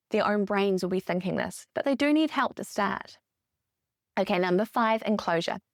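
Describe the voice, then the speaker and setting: A woman's voice: mid-range voice, a little mellow, no room sound, studio quality. A woman hosting a solo parenting podcast, explaining in a coaching tone and lifting her voice when she acts out example phrases. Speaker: podcast host.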